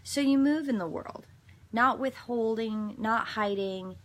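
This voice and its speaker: A woman's voice: fairly high pitch, measured pace. A woman hosting a daily devotional, reading a passage and then reflecting in an earnest, meandering way with some self-corrections. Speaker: devotional host.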